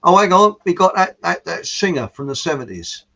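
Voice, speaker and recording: A man's voice: a little high, sing-song, fairly quick, vocal fry, pushed and bright. A man hosting a casual chat, reading out viewer comments in a rambling way and chuckling at his own jokes. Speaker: show host. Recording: muffled lo-fi audio.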